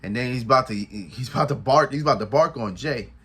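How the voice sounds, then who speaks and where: A man's voice: mid-range voice, fast, a bit bright, husky. A man recapping a wrestling show in casual commentary, retelling events with animation, acting out what people said and laughing often.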